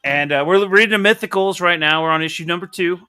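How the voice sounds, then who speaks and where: A young man hosts a laid-back comic review, animated and profane as he jokes through the pages. His voice sits a little high, bright and crisply clear. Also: fast. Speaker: comic book review host. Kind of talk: casual podcast chat.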